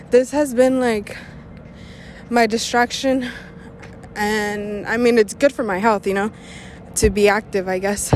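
A woman's voice: fairly high pitch, a little hiss or hum. Young woman rambling candidly, a bit breathless. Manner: rambling, candid, swears freely. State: out of breath after a run. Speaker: podcast host. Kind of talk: casual personal monologue.

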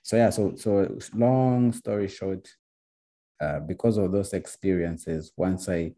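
A young man from Rwanda telling his story in a casual, halting way, with many restarts and fillers. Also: low-pitched, warm tone. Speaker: guest.

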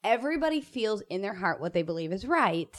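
A woman's voice: mid-range voice, sing-song, fairly quick. A woman host from the American South asking questions in a casual, giggly chat.

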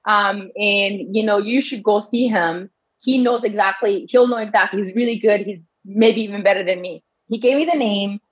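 This thirties-aged woman speaks in a mid-range voice at a moderate clip, and the recording has its highs cut off. Chatting casually, she recounts her medical history, frequently starting over and voicing the doctors' words herself.

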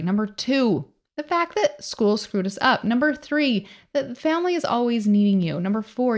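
A middle-aged woman hosting a motivational business podcast, talking in an upbeat, emphatic coaching way with lots of rhetorical questions. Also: a little high. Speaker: podcast host.

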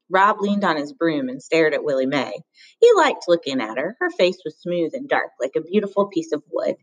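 A woman narrating a children's novel in a calm, even reading voice. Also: deep voice, normal speed, low-quality recording. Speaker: audiobook reader. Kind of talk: storybook narration.

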